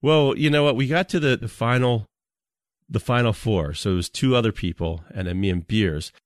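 A man with a deep voice talks in an easygoing, casual podcast chat. He tells stories at a relaxed pace and chuckles often. The sound is dry and close, with no room echo. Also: moderate pace. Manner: laid-back storyteller, chuckles often. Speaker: podcast co-host.

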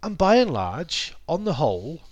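A man explaining language accents and dialects in a measured teaching manner, restating points and pausing with ums. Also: a little high, wildly swooping pitch, no echo. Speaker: English teacher.

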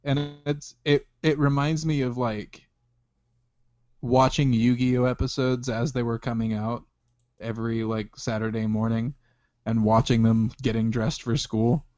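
A man's voice: mid-range voice, level tone, unhurried, a little mellow, no echo. Easygoing young man chatting. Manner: easygoing, explanatory, profane. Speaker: podcast co-host. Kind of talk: casual chat.

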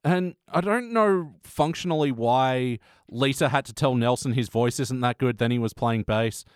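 A man's voice: mid-range voice, moderate pace, clean tone, no echo, clean studio sound. A man hosting a casual podcast chat, laughing often. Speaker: podcast host.

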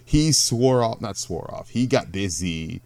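A man's voice: lowish voice, lively intonation, a little slow, a little mellow, no echo. A middle-aged man co-hosting a podcast, chatting casually and rambling with frequent self-corrections. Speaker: podcast co-host. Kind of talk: casual chat.

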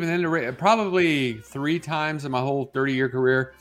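A man's voice: medium pitch, moderate pace, a bit bright, faint music behind. A man co-hosting a morning talk show, recounting work stories in casual chat and acting out the dialogue. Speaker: co-host.

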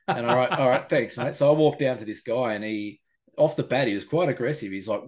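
A man, co-hosting a podcast and rattling off animated anecdotes. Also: mid-range voice, a little fast. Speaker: podcast co-host. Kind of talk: casual chat.

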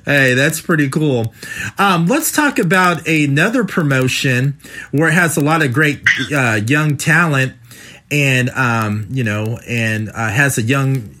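A man's voice: mid-range voice, bright, forceful tone. A man hosting a podcast, asking casual questions with lots of "um" and "uh". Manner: hesitant, full of "um" and "uh". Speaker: podcast host, interviewer.

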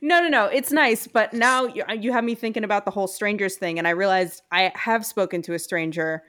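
A woman's voice: medium pitch, fairly quick, a bit bright, dry recording, studio quality. A young woman, co-hosting a casual chat and telling a story full of fillers. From United States. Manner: chatty storyteller with frequent fillers.

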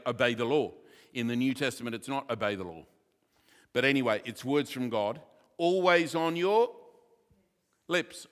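A male pastor preaches with playful asides and quick jokes. His voice sits at a medium pitch. It rings with the long reverb of a church hall. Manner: jokey, lively preaching with asides. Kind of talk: sermon.

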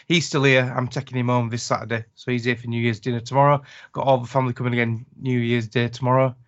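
A man's voice: mid-range voice, lo-fi sound. A man co-hosting a casual podcast, rambling in an easygoing way. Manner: rambling, easygoing, lots of fillers. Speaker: podcast co-host.

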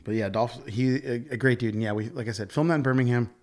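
Gravelly-voiced man telling animated stories. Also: mid-range voice, fast. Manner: animated storyteller, laughs often, many "like"s. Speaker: actor, podcast guest. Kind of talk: casual podcast chat.

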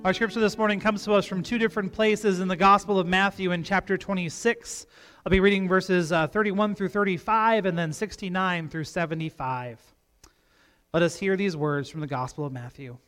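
High-voiced pastor in a reverberant church. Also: male voice, a little fast, clean tone. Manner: animated storytelling, raising pitch for quoted voices. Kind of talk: sermon with scripture reading. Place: church sanctuary. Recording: long reverb of a church hall.

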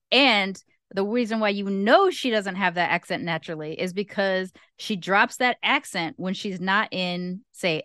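Woman, podcast co-host, casual chat, emphatic, smooth clear voice, dry sound. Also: fairly low pitch, a bit bright, no echo. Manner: emphatic, opinionated.

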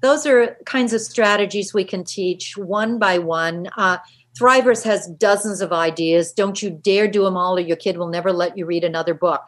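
A middle-aged woman, a parenting author, giving energetic interview answers and acting out little quotes in lively voices. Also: mid-range voice.

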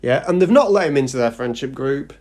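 A man's voice: mid-range voice, lively intonation, brisk, darkish tone. A man co-hosting a casual chat show, teasing and fond of wind-ups. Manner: teasing, self-described wind-up merchant. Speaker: podcast co-host.

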